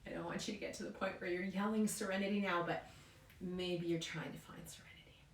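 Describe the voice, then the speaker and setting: A woman leading a yoga class in a calm, encouraging way, often checking in with "right?". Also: lowish voice, a little fast, a little hiss or hum. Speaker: yoga instructor. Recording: roomy echo, mic at a distance.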